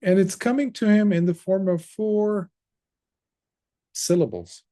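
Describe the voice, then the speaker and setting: A man's voice: sits high, measured pace, warm tone. A man, a Buddhist monk, telling a story in a conversational dharma talk with casual asides.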